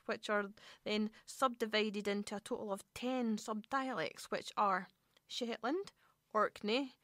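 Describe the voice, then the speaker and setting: A woman's voice: on the high side, no room sound, studio quality. A Scottish woman hosting a radio show in a playful, jokey manner, laughing often. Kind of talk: chatty radio presenting.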